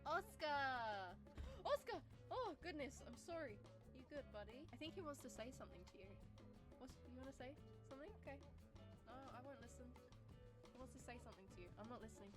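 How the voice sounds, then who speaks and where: A woman's voice: high-pitched, expressive, fast. A woman streaming casually and chatting with her viewers in a playful, giggly way, sliding into silly voices. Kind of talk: casual live-stream chat. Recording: music playing under the voice. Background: background music.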